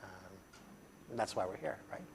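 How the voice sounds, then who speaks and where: A man's voice: lowish voice, lively intonation, measured pace, creaky, slight background noise. A man teaching a workshop to a group in a training room, conversational and chatty with many fillers. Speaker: NLP trainer.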